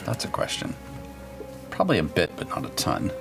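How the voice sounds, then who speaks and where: Low-voiced man player, gravelly, musing and playful, clear music behind. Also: wildly swooping pitch, brisk. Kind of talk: playing a tabletop game.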